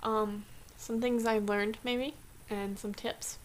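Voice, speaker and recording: A woman's voice: on the high side, flat delivery, slow pace, heavy background noise. A young woman vlogging in a casual, rambling way, full of restarts and fillers, recorded on a camera mic at home. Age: young adult. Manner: chatty, rambling with many restarts and "like". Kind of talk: casual vlog chat.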